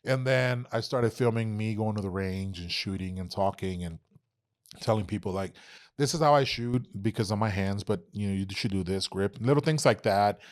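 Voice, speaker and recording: Swearing, animated man telling stories. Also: fairly low pitch, moderate pace. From Texas. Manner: animated, heavy swearing, acts out quoted exchanges. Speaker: podcast guest. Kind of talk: casual interview storytelling.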